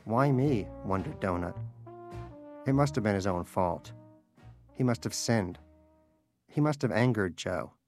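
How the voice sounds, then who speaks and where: A man with a fairly low voice reads an audiobook with wry, expressive timing. His delivery is that of a practiced storyteller. Quiet music plays underneath the narration. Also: unhurried, pauses often.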